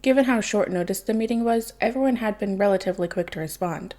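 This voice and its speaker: A woman narrating a fan-written story in an even, unhurried way. Her tone is mellow and soft, with a calm, steady delivery. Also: medium pitch. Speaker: podfic reader. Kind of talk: fan fiction audiobook narration.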